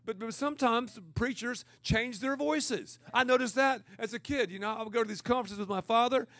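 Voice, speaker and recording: A man preaching at a conference in a playful, animated way, laughing often and repeating words as he talks. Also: very high-pitched, fairly quick, no room sound. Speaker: guest preacher. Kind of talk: humorous conference talk.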